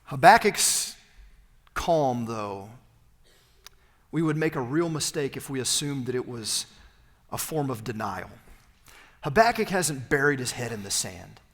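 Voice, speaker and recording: A male pastor preaching a sermon, swinging between loud, emphatic peaks and hushed, low phrases. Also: animated, unhurried, pauses often, long reverb tail.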